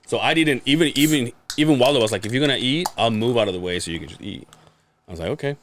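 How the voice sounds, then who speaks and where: A man's voice: mid-range voice, fast talker, fairly bright tone, slight background noise. A man, a podcast co-host, telling a story in casual chat, acting out quotes, laughing and swearing freely.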